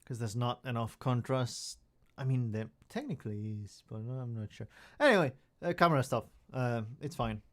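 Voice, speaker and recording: A man's voice: medium pitch, normal speed, fairly bright tone. Rambling young man streaming from home. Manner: rambling, self-mocking, many restarts. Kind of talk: casual live stream chat.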